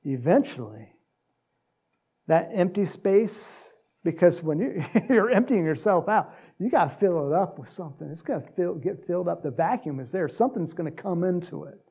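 A man preaching a sermon in a lively, conversational way, acting out voices and laughing along. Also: normal speed, husky. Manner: animated, acts out quotes with big pitch jumps and laughs. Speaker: pastor.

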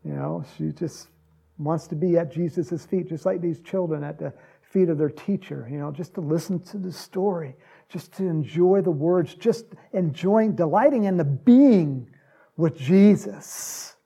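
A man's voice: fairly high pitch, measured pace, creaky, warm tone, husky. A man preaching an informal, conversational sermon, with frequent fillers. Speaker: pastor.

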